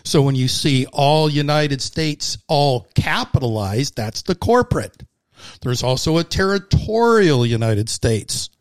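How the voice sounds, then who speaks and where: A man's voice: a little high, animated, a little slow, no echo, clean studio sound. A man talking as a podcast guest, laying out his views in a confident, lecturing way in casual political chat.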